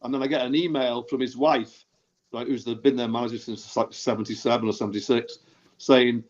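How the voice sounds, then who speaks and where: A man in a casual chat, telling an animated anecdote and laughing easily. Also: mid-range voice, a little fast, lo-fi sound. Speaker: music writer and show regular.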